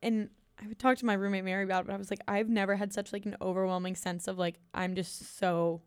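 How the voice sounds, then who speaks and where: A woman's voice: medium pitch, steady tone, rapid-fire, clear, resonant tone, no room sound, clean studio sound. A young woman co-hosting a casual podcast chat, telling teasing stories and swearing casually. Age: young adult. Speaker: podcast co-host.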